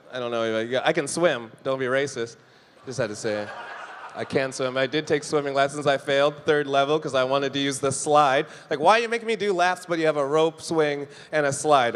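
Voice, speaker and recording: A man's voice: medium pitch, a bit bright, clear, resonant tone. A young man from Canada doing a stand-up comedy set on a club stage, joking with the crowd and acting out quoted voices. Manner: jokey, talks to the crowd, acts out quoted voices. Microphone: handheld stage mic. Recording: live room with long reverb.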